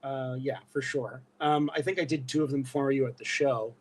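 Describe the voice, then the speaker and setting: A man with a New York accent, originally from Brooklyn, guesting on a podcast and telling animated stories that slip into voices. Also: mid-range voice, moderate pace. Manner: animated storyteller slipping into voices. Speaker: guest, illustrator and voice performer. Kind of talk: casual podcast interview.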